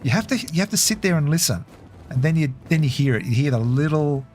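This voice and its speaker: Australian male streamer, slightly high voice, relaxed and chatty, quick to laugh, faint music in the background. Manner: chatty, laughs often, responds to viewer chat. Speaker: game streamer. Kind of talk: casual livestream chat while playing.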